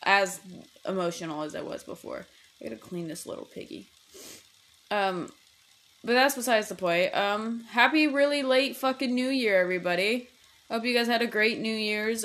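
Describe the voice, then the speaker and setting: A woman's voice: on the high side, moderate pace, fairly bright tone. Rambling, swearing young woman podcaster. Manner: rambling, swears freely, many fillers and restarts. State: headache, distracted while playing a game. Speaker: podcast host. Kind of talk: casual chat.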